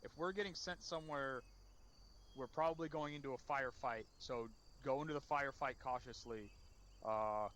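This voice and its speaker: A man's voice: mid-range voice, fairly bright tone, a little hiss or hum. A man leading a game unit's after-action debrief, blunt and profane as he scolds. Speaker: unit leader.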